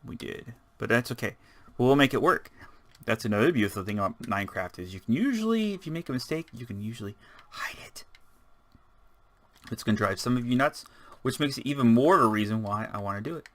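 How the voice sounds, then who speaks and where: A man's voice: mid-range voice, very animated, fast. A man giving rambling, casual let's-play commentary, chatting and muttering to himself as he builds. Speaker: gaming channel host.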